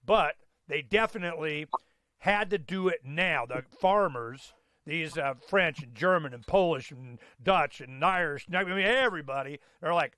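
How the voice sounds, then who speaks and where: A man's voice: on the high side, lively intonation, moderate pace, bright, forceful tone, no echo, clean studio sound. A man hosting a talk show, chatting in a loose, folksy way with lots of fillers and restarts. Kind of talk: casual rambling chat.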